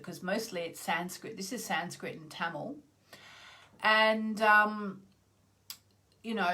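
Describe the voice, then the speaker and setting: A middle-aged Australian woman hosting a live chanting session, talking casually and meandering, with loud exclamations that trail off into soft endings. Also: mid-range voice. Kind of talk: casual live-stream chat. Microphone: video call.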